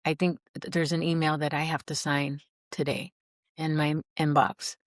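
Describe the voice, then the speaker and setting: A middle-aged woman, a podcast guest, earnestly telling her personal story in an animated, heartfelt way. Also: sits low, normal speed, no room sound, studio quality. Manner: earnest, animated, acts out quoted dialogue. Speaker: podcast guest, recovery program alumna.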